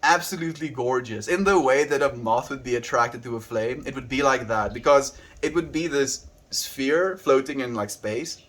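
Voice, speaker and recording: A man's voice: mid-range voice, normal speed, a bit bright. A man chatting casually on his daily livestream, rambling loosely and thanking viewers by name.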